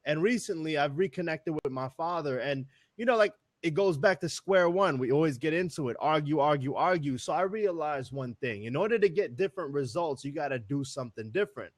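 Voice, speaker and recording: A man talking as a guest in a casual conversation, animated and repeating words with many fillers. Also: on the high side, brisk, hardly any pauses, dry recording.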